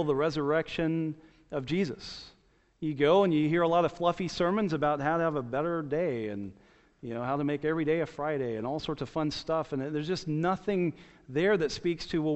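A man preaching a sermon as pastor, earnest, repeating his key points and restarting phrases. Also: a little high. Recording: dull sound with long church reverb.

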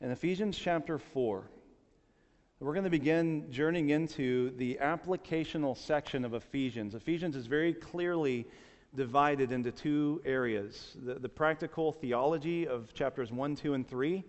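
A man preaching a lively sermon, with self-deprecating asides to his congregation. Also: on the high side, normal speed, dull audio. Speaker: pastor. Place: church sanctuary. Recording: long reverb of a large hall.

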